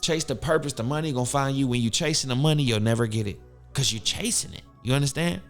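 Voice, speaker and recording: A man's voice: mid-range voice, fast talker, soft background music. A man hosting a podcast, giving a hyped-up, preachy motivational talk full of cussing. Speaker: podcast host.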